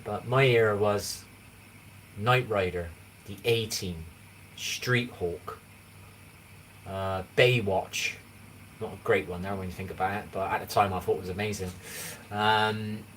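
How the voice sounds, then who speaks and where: He's an English-accented man from England in his forties, rambling through a casual livestream and repeatedly asking whether you know what he means. His voice sits on the low side with a fairly bright tone. Faint background noise accompanies the distant-mic recording.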